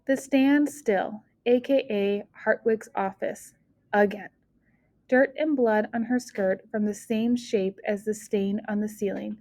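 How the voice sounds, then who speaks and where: A woman narrating a first-person audiobook in an expressive reading that speeds and slows with the story. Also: mid-range voice, dry recording. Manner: expressive, shifting pace with the story.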